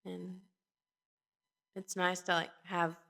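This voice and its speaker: A woman's voice: fairly low pitch, little pitch movement, slow pace, vocal fry, sharp tone. A woman co-hosting a podcast, chatting casually and retelling stories with lots of fillers and restarts. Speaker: podcast co-host. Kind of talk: casual chat.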